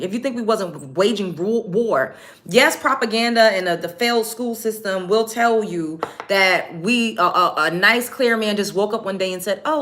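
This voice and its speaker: A woman hosting a casual get-ready-with-me live stream, chatting directly to her viewers in an animated way. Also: mid-range voice.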